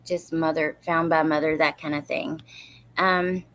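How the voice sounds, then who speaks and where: A woman's voice: low voice, little pitch movement, a little slow, fairly bright tone, slight background noise. A woman in her thirties hosting a casual true crime livestream, rambling and greeting viewers by name as she reads their comments.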